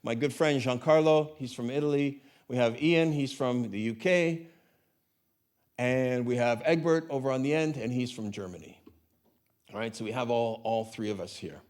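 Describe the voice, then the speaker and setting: A man's voice: medium pitch, darkish tone. A man from Canada giving a conversational conference talk, often adding tag questions, on a handheld mic. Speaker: conference speaker. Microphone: handheld mic, hot gain.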